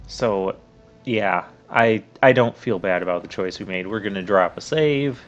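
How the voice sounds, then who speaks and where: A man with a lowish voice talks over his gameplay in a loose, rambling way, trailing into side remarks. The sound is dull and lo-fi. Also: soft background music. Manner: rambling, casual, drawn-out asides. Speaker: let's play host. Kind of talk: gameplay commentary.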